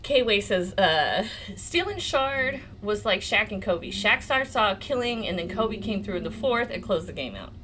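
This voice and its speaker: A woman in her forties with an American accent, hosting a legal commentary livestream in an excitable, emotional way, swearing and laughing often. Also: medium pitch, moderate pace, hardly any pauses, slight background noise, poor audio. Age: 40s. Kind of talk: casual live-stream commentary.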